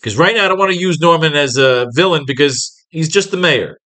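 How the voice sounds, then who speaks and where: A man teaches comic writing in a loose, rambling way, swearing freely as he talks through page ideas. His voice sits a little high and sounds bright and forceful. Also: brisk. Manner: rambling, profane, acts out scenes. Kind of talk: casual comic-writing lesson.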